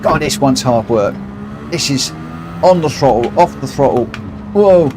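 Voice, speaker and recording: A man's voice: medium pitch, normal speed. A man chatting to viewers while racing on a live stream, joking at his own expense and laughing often. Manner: chatty, laughs a lot, self-mocking. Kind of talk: casual live-stream commentary. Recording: noisy game audio behind voice.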